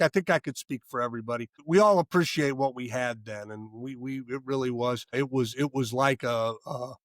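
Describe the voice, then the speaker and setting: A man's voice: mid-range voice, no room sound, clean studio sound. Older man telling radio war stories. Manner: rambling anecdotal storyteller, frequent restarts and laughs. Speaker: guest, former sports radio host. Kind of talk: casual storytelling interview.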